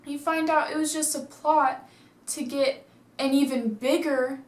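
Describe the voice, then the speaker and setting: A woman with a high-pitched voice speaks a little slowly in a steady tone. She's sitting at home casually reviewing a movie, rambling through its story with lots of "like," and the space around her echoes.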